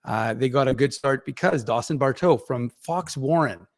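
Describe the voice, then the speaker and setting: Rambling hockey-pod regular, male, gravelly, dry close mic. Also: medium pitch, normal speed, no echo. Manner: rambling, chatty, many fillers and restarts. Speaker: regular podcast contributor reporting on the Moose. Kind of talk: casual hockey podcast chat.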